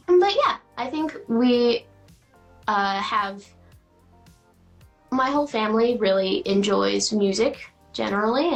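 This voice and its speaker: A woman's voice: medium pitch, gravelly, poor audio. A teenage girl, a guest actress, answering interview questions chattily with lots of fillers and giggles.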